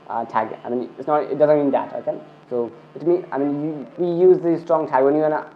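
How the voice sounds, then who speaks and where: A man's voice: a little high, a little hiss or hum. A man giving a screencast coding lesson, filling his talk with "okay" and "I mean" and often restarting his sentences. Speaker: coding tutor. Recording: dull lo-fi recording.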